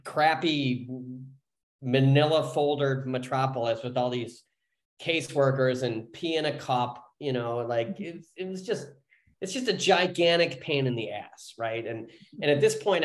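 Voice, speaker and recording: A man in his forties, a podcast guest, telling a personal story in a rambling way, often restarting his sentences and growing animated as he goes. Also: mid-range voice, measured pace. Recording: echoey room.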